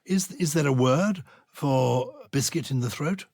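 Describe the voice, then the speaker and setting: An older man co-hosting a podcast, reading out listener letters and chatting in an expressive, theatrical way, with a throat bothered by biscuit crumbs. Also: medium pitch, unhurried, dry recording, studio quality. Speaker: podcast co-host.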